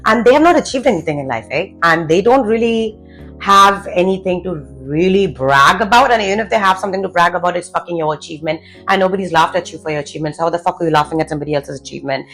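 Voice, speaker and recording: A woman's voice: on the low side, quick pace, a bit bright, faint music behind, poor audio. A woman confidence coach delivering a blunt, cursing motivational rant, hammering out rhetorical questions. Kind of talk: profane motivational rant to camera.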